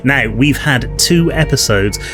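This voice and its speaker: Male host, jokey, rambling, mid-pitched, casual panel chat. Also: animated, measured pace, fairly bright tone, soft background music. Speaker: host of cast behind-the-scenes chat.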